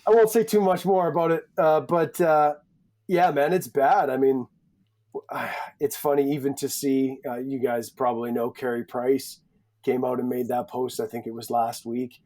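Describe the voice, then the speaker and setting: A man's voice: medium pitch, steady tone, normal speed, a little mellow. A young Canadian man from Alberta, a podcast guest talking in a joking, profane, rambling way. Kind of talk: casual podcast chat.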